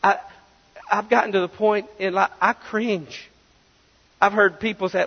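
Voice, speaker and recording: A man's voice: high-pitched, takes it slowly, vocal fry, long pauses, husky. A man preaching a sermon as pastor, emphatic and full of rhetorical questions. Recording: dull lo-fi audio with long reverb.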